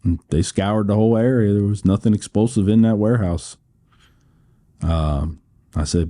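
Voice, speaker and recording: As a podcast guest in a storytelling interview, this American man in his sixties wanders through his tale, frequently laughing and starting phrases over. His voice is fairly low and dark in tone, at a normal speed.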